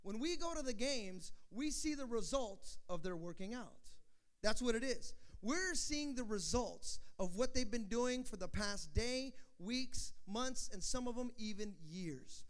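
A pastor preaching a sermon to his congregation, calling for responses and rising to shouts. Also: extremely high pitch, animated, unhurried, clear, resonant tone.

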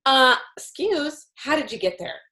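Animated, laughing woman storyteller. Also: sits high, measured pace. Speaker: ranch wife telling a story. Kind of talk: casual chat.

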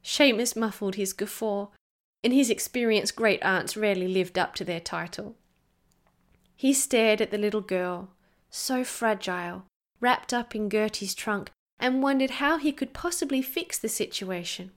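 A woman narrating a storybook in a slow, measured reading. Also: mid-range voice.

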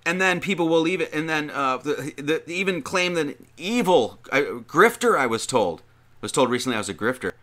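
A man's voice: fairly high pitch, lively intonation, normal speed, a bit bright. A man giving an informal sermon, reading scripture aloud and commenting on it in a conversational way, with frequent restarts and emphatic lists. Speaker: preacher.

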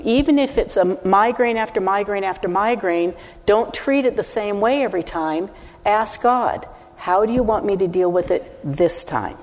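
An older woman delivers a teaching sermon, earnest and emphatic as she addresses the congregation directly. Her voice is mid-pitched for a woman and a little mellow, carrying a long reverb from the hall.

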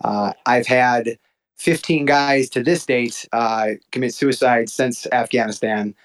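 An energetic man joins a podcast through a call-in line. He is a bit out of breath and sounds upbeat and jokey, with an ordinary mid-range voice. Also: mid-range voice, slow pace, poor audio. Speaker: wrestling promoter, guest. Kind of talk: phone-in interview. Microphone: phone call-in.

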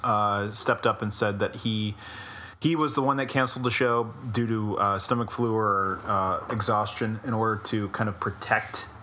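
A man co-hosting a podcast, talking casually about an album in halting sentences full of fillers and restarts. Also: on the low side, fairly even intonation, pushed and bright, slight background noise. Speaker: podcast co-host.

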